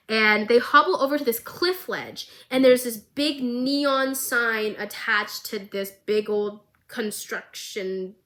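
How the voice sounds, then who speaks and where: A woman giving casual, excitable recap commentary, gushing and tossing in quick asides. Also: mid-range voice. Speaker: vlogger.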